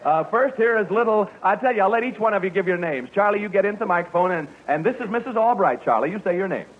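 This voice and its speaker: A man's voice: high voice, animated, quick pace. A man hosting a live radio game show in a studio, jovial and teasing, laughing often as he leads contestants. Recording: muffled old radio broadcast recording.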